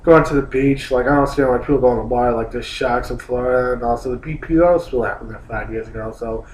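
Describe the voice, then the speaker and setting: A man's voice: mid-range voice, quick pace, darkish tone. Man ranting in an echoey room. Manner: annoyed, complaining, swears, rambling with many likes. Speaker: vlogger. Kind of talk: casual ranting story. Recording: roomy echo, faint hum.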